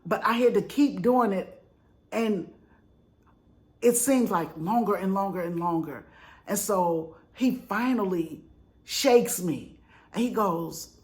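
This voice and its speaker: A middle-aged woman vlogger telling a personal story in an animated, chatty, dramatic way. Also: medium pitch, slow, pauses often. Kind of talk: casual storytelling.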